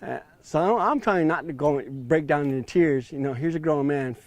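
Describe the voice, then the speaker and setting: A man in his fifties recounts a personal story in an interview, slipping into lively acted-out dialogue. His voice sits a little high. The recording is close and dry. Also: a little fast, dry recording. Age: 50s. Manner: animated, acts out quoted dialogue in raised voice.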